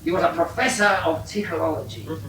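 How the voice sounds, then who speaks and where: A man voicing a brash, irreverent male God who mocks and teases in a lively, blunt way, in a spoken storytelling monologue. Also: a little fast, gravelly. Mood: sly. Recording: roomy distant recording, faint rumble.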